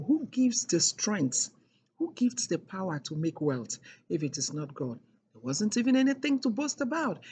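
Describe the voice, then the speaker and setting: A woman's voice: on the low side, darkish tone, a little hiss or hum. A middle-aged woman telling a personal story in an emphatic, repetitive way, leaning hard on key words. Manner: emphatic and repetitive, with heavy stresses. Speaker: speaker sharing a personal testimony.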